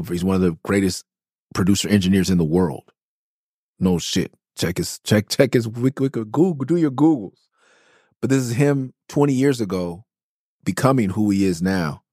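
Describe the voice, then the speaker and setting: A man's voice: sits low, warm tone, dry recording, studio quality. A man hosting his own podcast, telling the stories behind his songs in a loose, enthusiastic, rambling way with lots of "like"s. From Los Angeles. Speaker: podcast host. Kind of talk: casual storytelling about his album.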